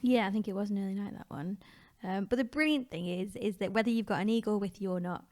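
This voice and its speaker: A woman co-hosting a travel podcast, recalling details casually with many fillers and pauses. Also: mid-range voice, a little mellow. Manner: easygoing, hesitant recollection with many fillers. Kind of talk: casual conversational storytelling.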